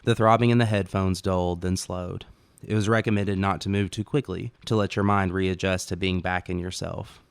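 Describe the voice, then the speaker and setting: Male author-narrator, low and resonant, calm first-person audiobook read, dry studio sound. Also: normal speed, creaky, smooth, no echo. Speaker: author reading own story.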